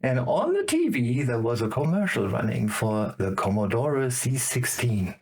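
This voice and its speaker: A man in his fifties, a podcast guest chatting casually, animated and laughing between phrases. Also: medium pitch, a little slow, breathy edge. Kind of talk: casual interview chat.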